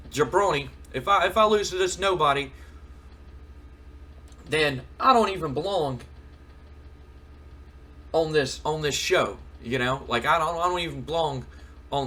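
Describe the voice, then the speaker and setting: A man voicing a blustering, pompous older male wrestling king, shouting and boasting high above his own voice. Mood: defiant.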